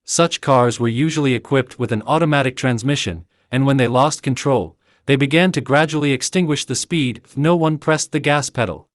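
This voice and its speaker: A man's voice: medium pitch, moderate pace, few pauses, dry recording. Man narrating an audiobook in a dry studio. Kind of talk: scripted narration.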